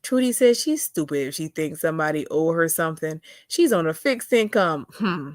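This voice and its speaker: A woman's voice: deep voice, lively intonation, moderate pace, dry recording, studio quality. A young adult woman hosting a casual livestream, reading chat comments aloud with sassy drawling asides.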